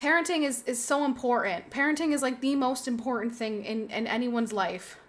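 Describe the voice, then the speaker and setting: At a moderate pace and fairly high pitch, a young woman talks casually on her stream. She gets emotional, repeats herself, laughs a lot and reads out replies to her chat.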